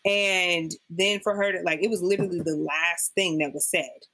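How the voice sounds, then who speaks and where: Woman guest, emphatic, animated, acts out quotes in lively voices. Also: on the low side, normal speed. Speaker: podcast guest. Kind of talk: conversational interview.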